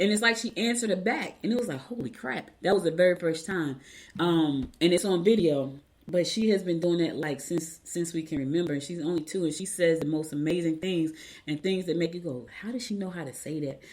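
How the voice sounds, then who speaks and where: An older woman talks casually to her viewers, animated and chatty, calling them y'all. Her voice sits a little low for a woman. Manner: animated storytelling, chatty, addresses audience as y'all. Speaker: morning show host.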